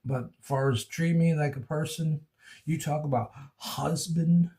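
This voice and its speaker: A man's voice: on the high side, fairly even intonation, measured pace, mellow. Rambling man venting on a phone vlog. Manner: rambling and repetitive, venting about relationships. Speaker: vlogger. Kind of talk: emotional personal vlog.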